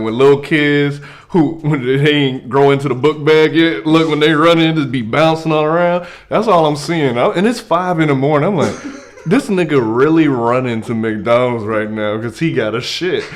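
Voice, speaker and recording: Male co-teller, casual story, laughing as he picks up pace. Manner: low and measured at first, then speeds up, laughing. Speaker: friend telling his side. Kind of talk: comedic story.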